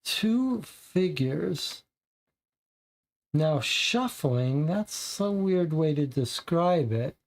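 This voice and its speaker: A player reading a detective case aloud and then slowly musing over the clues, with long drawn-out pauses. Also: mid-range voice, lively intonation.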